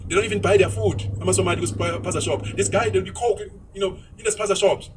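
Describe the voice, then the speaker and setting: A man's voice: high voice, fairly even intonation, fast, far from the mic, noisy background. A South African man ranting bluntly in opinionated podcast talk, switching into isiZulu phrases.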